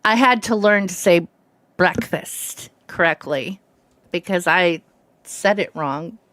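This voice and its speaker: A woman's voice: lowish voice, measured pace, a bit bright, no echo. A woman in her fifties with a slight Southern American accent who is hard of hearing, chatting casually and rambling as she hosts a game livestream and greets viewers by name. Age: 50s. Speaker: livestream host. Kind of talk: casual chat with viewers while streaming a game.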